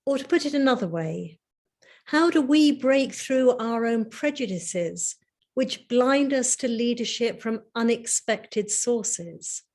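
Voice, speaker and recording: A middle-aged woman, an Anglican priest, delivering a prepared lecture in a measured, reflective way, with rhetorical questions. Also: fairly high pitch, expressive, darkish tone.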